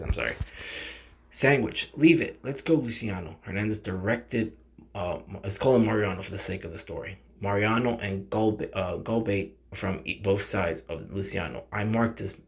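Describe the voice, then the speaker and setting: Gravelly low-voiced man reading aloud. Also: a little mellow. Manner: halting, stumbles over names, chats to viewers. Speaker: channel host reading a game novel aloud. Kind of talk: casual read-aloud with commentary.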